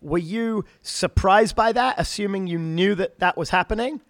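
High-voiced upbeat male podcast host. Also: normal speed, no echo, studio quality. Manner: upbeat and casual, with swearing and slang like "man". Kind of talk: podcast interview hosting.

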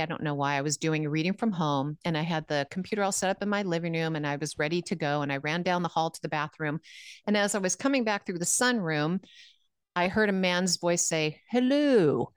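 A woman with a fairly low, smooth and clear voice tells a story in an earnest, emphatic way. The sound is close and dry, with no room around it. She talks casually, like a host chatting with a guest. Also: no echo. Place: home room.

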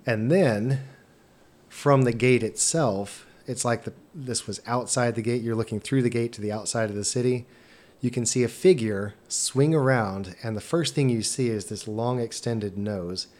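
A man's voice: mid-range voice, moderate pace, darkish tone. A man narrating a tabletop game as game master, descriptive and sometimes stumbling over his words.

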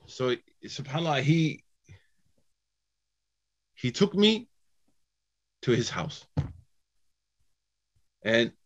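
A man's voice: medium pitch, very slow, pauses often. Casual storytelling man, muffled recording. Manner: casual, animated storytelling full of "you know" and "man". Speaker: Muslim speaker giving a talk. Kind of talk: storytelling talk.

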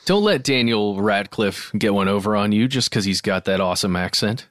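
Animated, jokey male podcast co-host. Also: lowish voice, a little hiss or hum. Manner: jokey, laughing, quick asides. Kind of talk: casual podcast chat.

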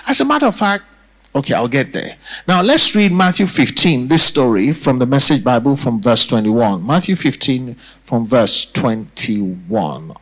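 A man's voice: medium pitch, a bit bright, rough recording. A man preaching a sermon to a congregation, repeating phrases for emphasis and calling for responses. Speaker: pastor. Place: church.

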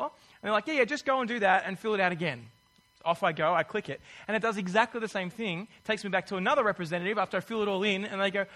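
A man preaches a sermon, telling a story in a lively way and acting out each person in it. His voice sits fairly high for a man. It has a bright, forceful edge. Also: fast talker. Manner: animated storytelling, acts out the people he quotes.

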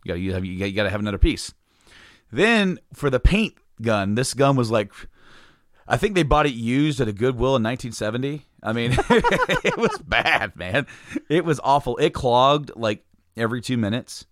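A man's voice: mid-range voice, sing-song, moderate pace, no room sound, clean studio sound. A man telling a casual, rambling story, laughing often and swearing freely.

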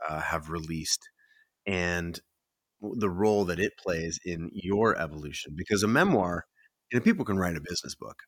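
A man hosting a conversational interview, a little halting as he works his way into a question. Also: deep voice, fairly bright tone, dry recording. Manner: halting, restarts while forming questions. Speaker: podcast host.

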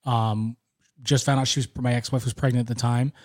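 A man's voice: medium pitch, level tone, fairly quick. A man in casual podcast talk, telling an emotional story in a rambling way with many restarts.

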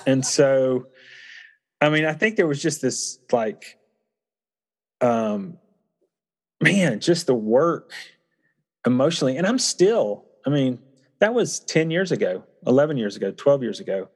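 Earnest guy telling a story, mid pitch, kinda reflective, trips over words, echoey hall reverb. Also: lively intonation, a little slow, pauses often, a little mellow. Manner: reflective, earnest, frequent restarts. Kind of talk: casual conversational storytelling.

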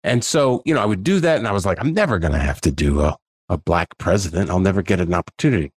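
Husky, low, and fast, this forties-aged man is recorded with no echo. Guesting on a casual interview, he's an animated storyteller who performs the dialogue himself.

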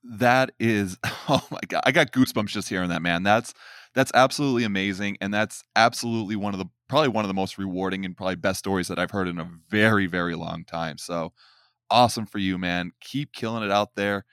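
A man in his thirties hosts a podcast, enthusiastically hyping up his guest in casual chat. His voice is on the low side, fairly quick and fairly bright, with dry, clean studio sound.

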